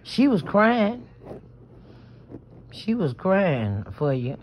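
A woman's voice: mid-range voice, very animated, drawn-out words, a little mellow. A woman rambles to her phone from bed at night, stammering, emphatic and swearing freely. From Southern US, New Orleans. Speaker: vlogger. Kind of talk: late-night confessional vlog. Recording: muffled lo-fi phone audio.

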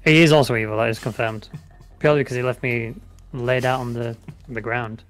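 A man's voice: medium pitch, fairly even intonation, fairly quick, faint music behind. A British man co-hosting a live gameplay stream, chatting, joking and repeating giveaway instructions. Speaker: streamer co-host.

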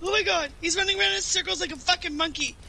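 A woman's voice: extremely high pitch, fast talker, very noisy. A young woman playing a survival game, screaming, swearing and panicking as enemies chase her. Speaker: gamer. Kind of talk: screaming live gameplay reactions.

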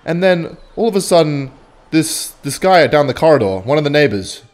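Over gameplay commentary, a young gaming channel host spins a meandering story that pokes fun at himself, cursing often along the way. He speaks at normal speed in a high-leaning, darkish voice that swings widely in pitch.

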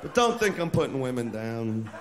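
A man doing a crude stand-up routine in a brash manner, shouting his punchlines. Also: medium pitch, very animated, normal speed. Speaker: stand-up comedian. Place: comedy club stage. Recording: live club recording with crowd noise. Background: audience laughter and noise.

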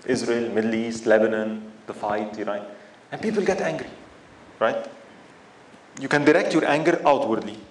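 A man's voice: mid-range voice, normal speed, long pauses. Impassioned male lecturer in echoey room. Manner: impassioned, rhetorical questions, rising to emphatic outbursts. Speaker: Islamic lecturer. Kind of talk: religious lecture to an audience. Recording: echoey room with faint background noise.

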